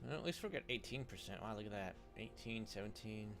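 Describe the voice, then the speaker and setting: A man's voice: fairly low pitch, expressive, fast, music in the background. Grumbling man narrating his strategy game. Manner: mutters to himself, chuckles, grumbles at the game. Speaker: gaming YouTuber. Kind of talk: casual let's-play commentary.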